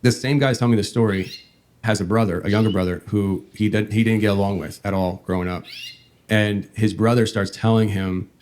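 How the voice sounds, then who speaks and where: A man tells a long story in a slightly low voice. He meanders and halts as he goes, circling back on himself. He speaks as the host of a podcast. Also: fairly even intonation, brisk, darkish tone, slight background noise. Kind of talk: telling a paranormal story.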